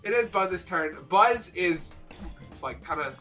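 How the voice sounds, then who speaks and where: A man's voice: high-pitched, lively intonation, slow pace, pushed and bright, faint music behind. A man playing a tabletop game, joking and thinking aloud with hesitant fillers. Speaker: player. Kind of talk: casual tabletop game chat.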